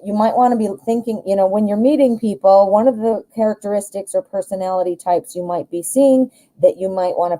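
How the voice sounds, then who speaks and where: A woman's voice: medium pitch, dark tone, low-quality recording. A woman with a Midwestern American accent hosting a live tarot reading, chatting casually and rambling enthusiastically with frequent restarts. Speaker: tarot reader, live show host.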